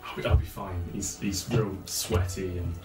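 A man's voice: low-pitched, steady tone, normal speed, roomy sound, far from the mic, music in the background. A man playing a tabletop game, joking and chatting with the others. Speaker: player. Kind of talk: casual tabletop game chat.

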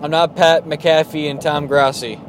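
A young man hosting a casual sports podcast, chatty and joking, with animated rants. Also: fairly high pitch, unhurried, background noise. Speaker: podcast host.

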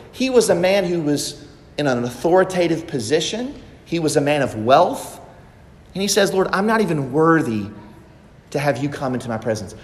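A man preaching a sermon as pastor, emphatic and repeating phrases for stress. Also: fairly high pitch. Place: church sanctuary. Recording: echoey church hall.

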